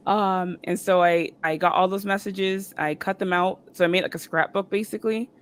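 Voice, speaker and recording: Woman, podcast guest, casual storytelling, filler-heavy, animated quotes. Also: moderate pace, smooth. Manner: chatty, full of fillers like "like" and "um"; jumps high and loud when quoting others. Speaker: podcast guest, fan content creator.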